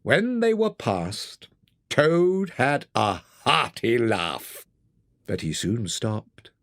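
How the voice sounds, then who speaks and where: An audiobook narrator reading a classic children's story in an expressive, theatrical way. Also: mid-range voice, extremely slow, dry recording.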